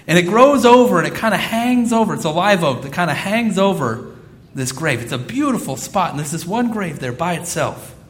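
A man's voice: high voice, very animated, moderate pace. A man in his thirties preaching a sermon, earnest and repeating phrases for emphasis. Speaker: pastor.

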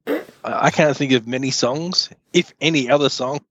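A man's voice: mid-range voice, normal speed, fairly bright tone, slightly rough, no echo, lo-fi sound. A man co-hosting a casual podcast chat, opinionated with dry jokes. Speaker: podcast co-host.

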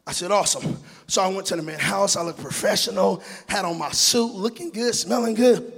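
A man preaching in a church with a strikingly high, husky voice that rises into chanted shouts. He tells stories with comic timing, and his words ring out with a long reverb from the big hall around him. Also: brisk. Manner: chanting, shouted preaching cadence with humorous storytelling. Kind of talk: sermon. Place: church sanctuary.

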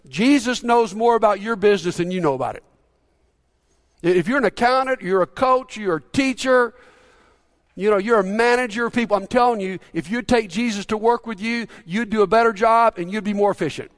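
A middle-aged male pastor preaching a sermon, telling a story in a conversational way with frequent restarts and questions to the congregation. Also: sits high.

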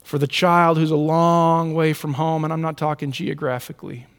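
A man preaching a sermon as pastor, earnest, often dropping his voice very low and soft for tender lines. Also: flat delivery, moderate pace, clear, resonant tone, big-room sound.

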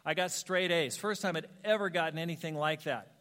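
A man preaching a storytelling sermon, animated and self-mocking, laughing at his own stories. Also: on the high side, fairly quick. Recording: long reverb of a large hall.

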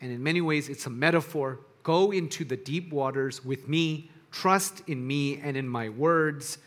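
Man preaching a relaxed conversational sermon. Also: on the high side, unhurried. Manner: conversational, searching for words with restarts. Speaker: pastor.

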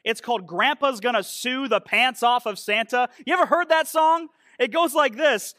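A man's voice: very high-pitched, moderate pace, few pauses, pushed and bright, dry recording. A man preaching as pastor in a church, playful and chatty, reading out song lyrics in a sing-song way. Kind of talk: sermon.

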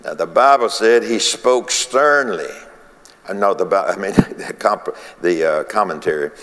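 Male preacher, slow deliberate delivery, low voice, big echoing church sound. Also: fairly bright tone. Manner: folksy, repeats phrases, laughs between points. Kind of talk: sermon.

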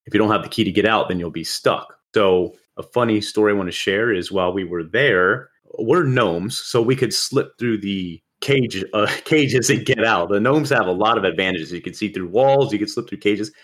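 A man with a very low voice co-hosts a casual gaming podcast. He talks in a relaxed, explanatory way. He lists details at a measured pace. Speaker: podcast co-host.

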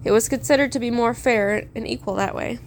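Woman voicing a brisk, bookish young woman. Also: a little high, slight background noise, close to an everyday voice. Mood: lecturing.

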